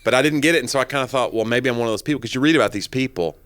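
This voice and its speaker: A man co-hosting a podcast in casual chat, a little hoarse with a morning voice after covid, telling stories playfully. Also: mid-range voice, rapid-fire, a bit bright, no echo. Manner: playful, jokey storytelling. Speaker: podcast co-host.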